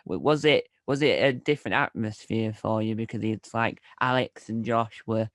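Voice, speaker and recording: A man interviewing a guest, asking questions in a halting way and repeating words as he goes. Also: on the low side, no echo, clean studio sound. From Britain. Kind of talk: casual interview.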